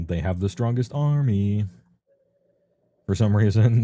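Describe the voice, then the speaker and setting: Low, dark-voiced man rambling casually. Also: expressive, a little slow. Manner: loose and offhand, many ums, laughs at himself. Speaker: streamer reviewing tabletop game books.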